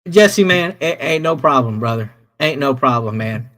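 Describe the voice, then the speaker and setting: A middle-aged man, hosting a casual livestream, talking slowly with many fillers as he greets viewers in chat. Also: medium pitch, lively intonation, pushed and bright, poor audio. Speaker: livestream host reading chat.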